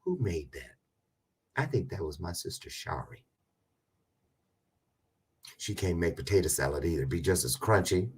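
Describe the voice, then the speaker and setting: A man's voice: low-pitched, sing-song, moderate pace, long pauses, husky. A man hosting a casual livestream, chatting with viewers in a rambling, joking way with self-aware asides. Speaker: livestream host.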